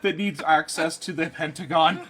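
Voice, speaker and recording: A man's voice: fairly high pitch, steady tone, moderate pace, a loud crowd. A man co-hosting a podcast who reads from an article in casual chat, laughing and swearing easily. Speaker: podcast co-host.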